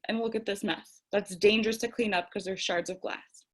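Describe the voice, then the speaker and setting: A young woman talks through a spiritual lesson in a candid, conversational way. She moves between calm reflection and frank personal storytelling, with light self-mocking laughter and the odd casual curse. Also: mid-range voice, normal speed. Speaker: tarot and self-care host. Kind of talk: reflective spiritual talk to camera.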